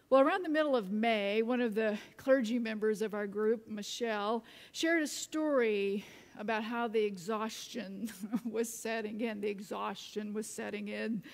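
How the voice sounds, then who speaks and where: A woman pastor preaching a sermon, telling a story in a relaxed way with light chuckles. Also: fairly high pitch. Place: church. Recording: reverberant church sanctuary.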